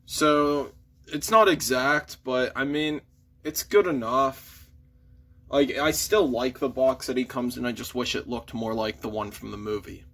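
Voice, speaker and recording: A man's voice: medium pitch, measured pace, a bit bright. Easygoing man reviewing a toy. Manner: easygoing, mild, shrugs off flaws. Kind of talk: casual chat.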